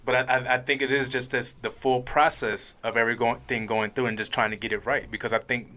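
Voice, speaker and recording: A man in his forties co-hosting a casual panel talk, earnest and animated, often laughing as he speaks. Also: medium pitch, fast. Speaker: podcast co-host.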